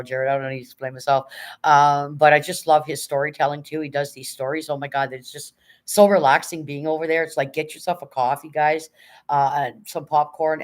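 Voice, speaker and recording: A woman hosts a casual livestream in a somewhat low voice. She talks straight to her chat, greeting viewers by name and giving them friendly advice in a loose, rambling way. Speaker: livestream host.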